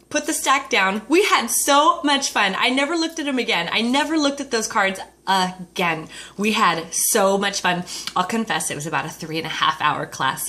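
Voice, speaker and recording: With a fairly high, bright and pushed voice, an adult woman who sells Mary Kay shares her own story with an audience, performing the other characters' voices. She refers to her husband and dates herself in the telling.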